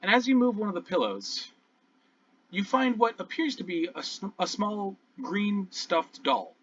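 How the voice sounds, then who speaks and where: A man's voice: high-pitched, big pitch swings, a little slow, a bit bright, slightly rough. A man narrating scenes as game master of an online tabletop game, describing things at length with fillers and restarts. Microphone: online voice call. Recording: distant, dull lo-fi call audio.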